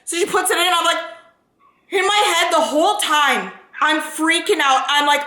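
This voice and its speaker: A high, bright young woman tells her friends a story in a lively, rambling way, swearing freely and rushing her words when nerves kick in. Her voice rings around a roomy, echoey space. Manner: animated, swears freely, talks fast when anxious. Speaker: vlogger.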